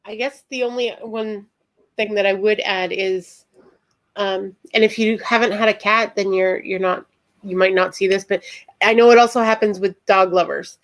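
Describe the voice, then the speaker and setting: A woman's voice: mid-range voice, steady tone, normal speed. A woman guest in a casual chat, talking earnestly and rambling with many fillers. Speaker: guest co-host.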